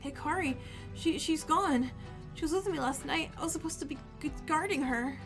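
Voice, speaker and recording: An anxious young game hero who pleads earnestly and frets over a friend, as a woman reads him aloud. The voice is fairly high-pitched and stays close to a natural speaking voice, with faint music underneath. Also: normal speed. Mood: narrating. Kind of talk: reading game dialogue aloud.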